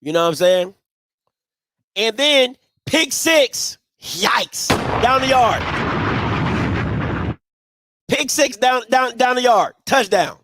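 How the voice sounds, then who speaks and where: A high-pitched man hosts a sports call-in show. He talks in excitable bursts, restarting his sentences and sometimes shouting. The sound is very dry and close. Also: slow pace, pauses often, dry recording. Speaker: postgame show host. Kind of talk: animated sports call-in talk.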